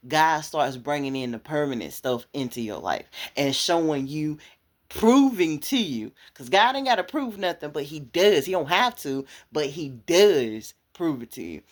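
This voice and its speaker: A woman preaching a motivational sermon, speaking straight to the listener in a conversational way and building to loud, fervent passages. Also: fairly low pitch. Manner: impassioned, rising to loud fervor; conversational, addressing listener directly.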